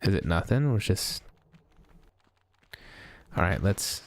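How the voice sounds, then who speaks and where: A man hosting a let's play, chatting casually and thinking aloud as he plays, often pausing with hesitations. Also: low voice, sing-song, gravelly, a little hiss or hum. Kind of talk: casual gameplay commentary.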